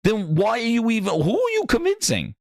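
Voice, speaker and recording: A man with a high, wildly swinging voice rants about gaming in an exasperated, profane tirade. He mocks the people he argues with as he goes. The sound is close and dry. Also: huge pitch swings, fairly quick, creaky, dry recording. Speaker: gaming channel host. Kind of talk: ranting commentary.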